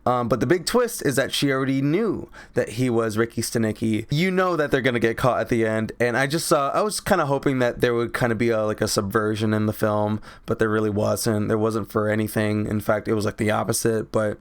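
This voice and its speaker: A man's voice: fairly low pitch, brisk, hardly any pauses. Young man casually rambling about a movie. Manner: rambling, crude, filler-heavy. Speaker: movie reviewer.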